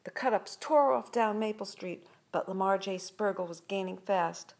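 Older woman, grandma reading aloud, gravelly, gentle asides. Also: mid-range voice, moderate pace, hardly any pauses. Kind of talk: children's story read-aloud.

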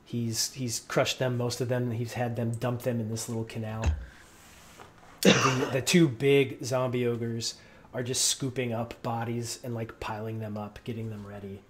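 A man's voice: mid-range voice, flat delivery, measured pace, slight background noise. A man narrating as game master in a loose, rambling way with many fillers.

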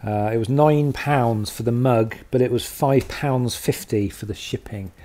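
A man's voice: mid-range voice, measured pace, warm tone. A man hosting a casual video log, chatty and self-deprecating, rambling with lots of fillers. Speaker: channel host.

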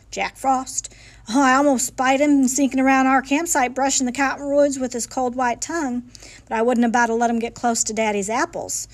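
High-voiced woman reading a folksy storybook. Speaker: library storyteller. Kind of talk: reading a picture book aloud. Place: library.

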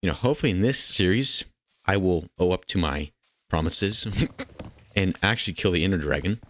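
A gaming channel host with a deep voice talks at a moderate pace while playing a video game. His commentary is casual and jokey, full of excitable outbursts and playful chatter directed at the game's characters.

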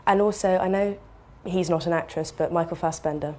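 An actress giving casual interview answers in a soft, fond, unhurried way. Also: female voice, on the low side, fairly even intonation.

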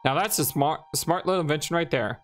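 Low-voiced chatty woman gaming. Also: fairly quick, soft background music. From Ireland. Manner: chatty, reads on-screen text aloud, muses to herself. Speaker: let's play gamer. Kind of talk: casual game commentary.

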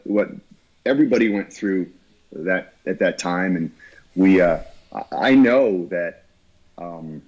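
A man, a guest musician, talking earnestly and haltingly about a lost friend in an interview. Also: low voice, rough recording. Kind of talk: heartfelt interview talk.

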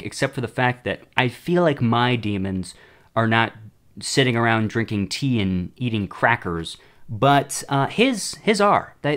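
A man's voice: mid-range voice, a bit bright. A young man hosting his own show, casually talking about a book, rambling and tripping over his words. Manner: rambling, self-deprecating, trips over words. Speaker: show host.

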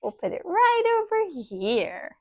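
A woman teaching a children's phonics lesson, sounding out vowels slowly and giving encouraging praise. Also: very high-pitched, wildly swooping pitch, no echo, lo-fi sound. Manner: slow, exaggerated sounding-out of letters; encouraging, sing-song praise.

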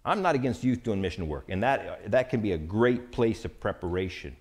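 A man preaching a sermon, animated and acting out the lines of Bible characters. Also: on the low side, a little fast, slightly rough. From United States.

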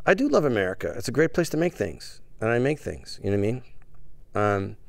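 A Canadian man in his fifties, a guest in a casual interview, talking in a playful, jokey way and dropping into quick impressions. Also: mid-range voice, sing-song, gravelly, dry recording.

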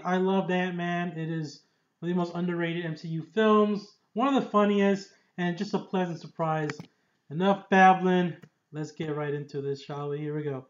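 A vlogger giving excited reaction commentary on a film trailer, effusive and prone to loud outbursts. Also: mid-range voice, lo-fi sound. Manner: effusive, loud outbursts and laughter between slower musings. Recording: roomy echo.

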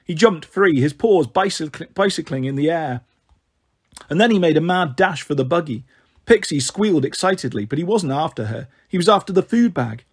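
A man reading a children's novel aloud as a storyteller, expressive and animated. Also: on the high side, moderate pace, slightly rough.

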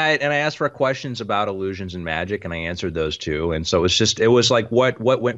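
A man's voice: sits low, lo-fi sound. A man who designs illusions and writes books, chatting casually and rambling about his work. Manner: rambling, self-promoting. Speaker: illusion designer and book author. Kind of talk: casual chat.

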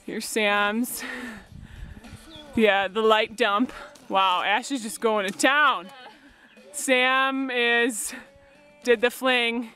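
A woman's voice: on the high side, fairly even intonation, extremely slow, pauses often, pushed and bright, smooth, faint music behind. A woman narrating a casual outdoor video diary, joking like a sports commentator about her friends' digging. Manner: playful, jokey sports-commentator banter. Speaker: volunteer vlogger. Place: outdoors at a mountain building site.

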